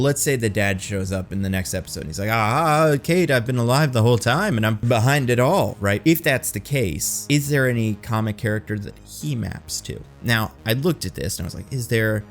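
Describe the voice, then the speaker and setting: Man, low voice, casual fan-theory talk, rambling and chatty, faint music underneath. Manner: chatty and rambling, heavy use of "like". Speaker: host of a movie and TV commentary channel.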